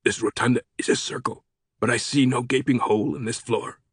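A man's voice: mid-range voice, steady tone, fairly quick, a bit bright, breathy edge, no echo, clean studio sound. A man voicing a stern, skeptical woman security director who speaks with sarcasm and makes demands.

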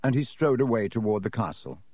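A man's voice: on the low side, big pitch swings, fairly quick, mellow, dry recording. A man reading an audiobook expressively, giving each character a voice. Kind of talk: audiobook narration.

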